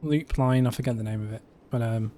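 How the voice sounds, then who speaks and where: A man's voice: mid-range voice, a little fast, dark tone, a little hiss or hum. A man from the UK hosting a casual livestream, chatting in a rambling way with frequent fillers. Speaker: livestream host.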